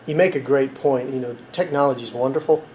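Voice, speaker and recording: A man's voice: medium pitch, quick pace, over music, low-quality recording. A man interviewing a guest, asking long, hesitant questions full of fillers. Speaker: interviewer, show host. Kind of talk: conversational interview.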